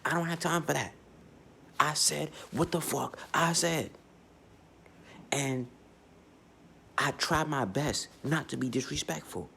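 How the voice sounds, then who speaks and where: A man's voice: on the high side, slow, creaky, long pauses, sharp tone, slight background noise. A man giving a blunt, profane, unscripted astrology monologue, speaking emphatically and often restarting his sentences. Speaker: astrology vlogger.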